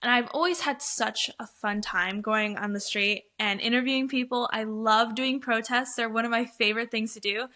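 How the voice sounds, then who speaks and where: A woman's voice: on the high side, steady tone, moderate pace, hardly any pauses, pushed and bright. A young adult woman guest on a podcast, rambling with enthusiasm. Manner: rambling, many fillers and restarts, enthusiastic. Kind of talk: casual interview chat.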